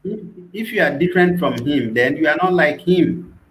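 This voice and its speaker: A man's voice: fairly high pitch, animated, normal speed, fairly bright tone. A man co-hosting, questioning and clarifying points in a casual debate. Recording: roomy echo.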